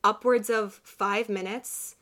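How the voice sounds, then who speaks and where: A young woman in her twenties chatting casually, telling a lively story with quick asides. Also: mid-range voice. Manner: animated storyteller, quick asides and quoted voices. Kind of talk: casual chat.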